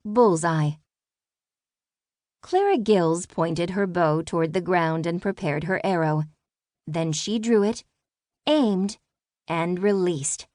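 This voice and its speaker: A woman narrating a children's audiobook in a calm, measured way. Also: fairly low pitch, dry recording, clean studio sound.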